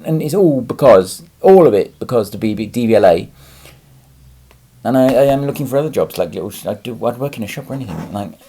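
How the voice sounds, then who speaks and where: Man, husky and mellow, lorry driver vlogging off the cuff; rambling, restarts, curses when riled. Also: mid-range voice. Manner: rambling, frequent fillers and restarts, swears when angry. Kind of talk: casual vlog monologue.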